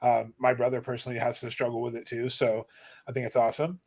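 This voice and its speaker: A man's voice: medium pitch, level tone, fast talker, darkish tone. A man in casual podcast chat who laughs often and tells stories with a supportive tone.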